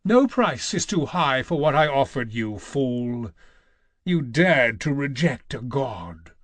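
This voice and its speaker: A man's voice: mid-range voice, sing-song, takes it slowly, fairly bright tone, no echo. A man voicing a malicious male god of war who speaks from flames in an audiobook, with a silken, mocking, scornful tone. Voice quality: silken, menacing. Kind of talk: audiobook character voice.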